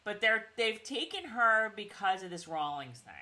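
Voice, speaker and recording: A woman's voice: medium pitch, sing-song, normal speed, sharp tone. A middle-aged woman co-hosting a casual TV recap chat over a video call, rambling with lots of "like" and restarts. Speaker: podcast co-host.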